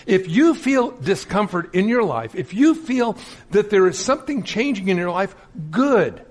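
Lively, high-pitched male preacher. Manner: animated storytelling with acted-out quotes. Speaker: minister. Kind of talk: sermon.

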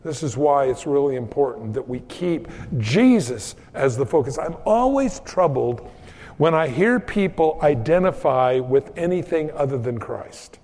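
A man preaching a sermon in a relaxed, conversational way, telling homespun stories about kids and doing quick voices for the people in them. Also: mid-range voice, long reverb tail. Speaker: pastor.

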